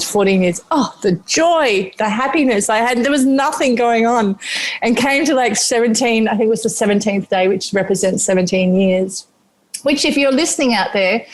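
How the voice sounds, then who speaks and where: A middle-aged Australian woman chef, a podcast guest, telling a candid personal story, swearing freely and acting out what she said at the time. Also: mid-range voice. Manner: animated, swears freely, acts out her own past remarks.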